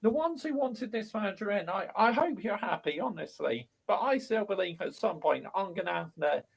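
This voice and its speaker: A man, a football fan vlogger giving an angry rant to camera, shouting and swearing heavily. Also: high voice, expressive, moderate pace, creaky, slightly rough. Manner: furious, shouting, heavy swearing.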